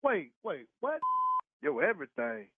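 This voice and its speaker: A man's voice: fairly high pitch, huge pitch swings, measured pace, heavy background noise. A man on a phone call, blunt and profane, firing the same questions again and again. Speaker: prank call target. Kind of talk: heated phone conversation. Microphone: telephone. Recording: tinny phone line.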